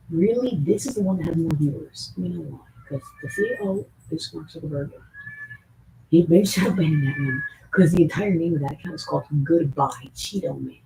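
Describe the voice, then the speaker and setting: A woman streamer rambling in a casual unscripted rant, swearing often and jumping between whispers and loud bursts. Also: low-pitched, vocal fry, a little hiss or hum, poor audio.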